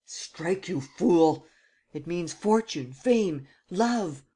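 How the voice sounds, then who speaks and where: A woman's voice: on the low side, animated, extremely slow, mellow, slightly rough, voice pushed up, exaggerated voice. A woman voicing a ruthless, commanding nobleman who gives vehement orders in an audiobook.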